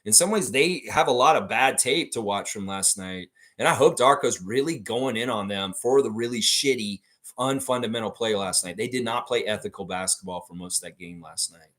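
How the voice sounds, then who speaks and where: A man's voice: fairly low pitch, moderate pace, fairly bright tone. A man hosting a casual livestream, reacting to a game and reading viewer chat aloud in a goofy, blunt, ranting way.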